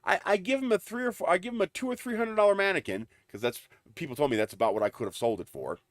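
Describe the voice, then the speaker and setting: A man's voice: high voice, fast, dry recording, studio quality. A man hosting a live stream, telling a story in a casual, indignant way. He swears freely, laughs between lines and stumbles over repeated starts. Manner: lots of fillers and repeated starts. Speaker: livestream host.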